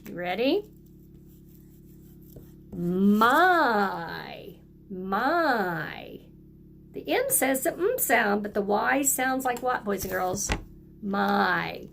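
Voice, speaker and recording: A woman teacher leading a phonics lesson for young children, speaking slowly and encouragingly and stretching out letter sounds. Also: medium pitch, big pitch swings, creaky, a bit bright, slight background noise.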